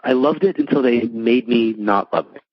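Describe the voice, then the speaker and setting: Middle-aged man, husky voice, talking casually in a dry, close room, muffled sound. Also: mid-range voice, normal speed, no room sound. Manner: chatty, many likes and restarts, acts out quoted voices. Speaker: psychic medium guest. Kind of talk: casual storytelling interview.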